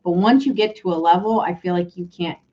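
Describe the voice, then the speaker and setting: A woman's voice: lowish voice, fairly quick, highs cut off. A woman giving a casual, chatty tarot reading, talking loosely and laughing often. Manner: chatty, giggly, animated. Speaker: tarot reader.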